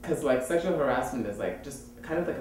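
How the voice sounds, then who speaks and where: A man's voice: mid-range voice, lively intonation, darkish tone. Hesitant man recorded in an echoey room. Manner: hesitant, halting, many fillers. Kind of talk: personal testimony. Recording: very echoey room, mic far off, faint noise.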